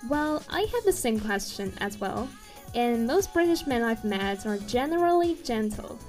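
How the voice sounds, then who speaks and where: Female explainer narrator, earnest and slightly halting, higher register, light music bed. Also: sing-song, a little mellow. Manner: earnest, occasionally stumbles and corrects herself. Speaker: video presenter.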